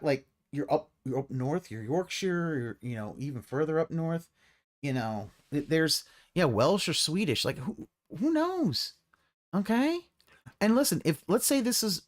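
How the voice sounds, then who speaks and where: A live streamer giving casual reaction commentary, sarcastic and swearing freely, often trailing off and restarting mid-sentence. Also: mid-range voice.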